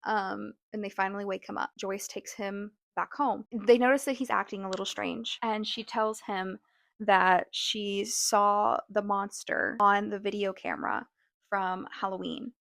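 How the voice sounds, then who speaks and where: A woman hosting a casual TV recap vlog, talking in a chatty, animated way with lots of "like" fillers. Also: medium pitch, measured pace, gravelly, dry recording, studio quality. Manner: animated, exclaims and laughs. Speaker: show recap host.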